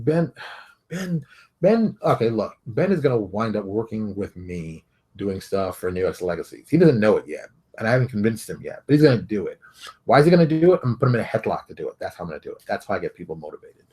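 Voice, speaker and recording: Fast-talking husky man ranting to camera. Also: medium pitch. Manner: animated, exhorting, jumps into loud quoted voices. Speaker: video podcast host. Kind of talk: casual rambling monologue. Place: home studio in front of a camera.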